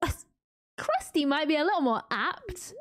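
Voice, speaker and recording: A woman's voice: high-pitched, very animated, moderate pace, slight background noise. A woman voicing a friendly, practical female carpenter who welcomes a newcomer in a farming game. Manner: welcoming, matter-of-fact.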